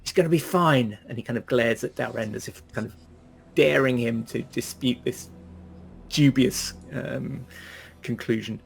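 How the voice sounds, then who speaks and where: A man's voice: medium pitch, steady tone, unhurried, vocal fry. A man running a tabletop game as game master, narrating with many hesitant fillers.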